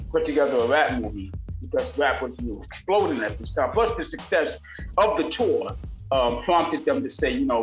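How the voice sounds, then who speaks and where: An older man, a rapper being interviewed, telling animated stories and mimicking voices in casual talk. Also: medium pitch, highs cut off. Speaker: rapper guest. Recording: roomy sound with faint music.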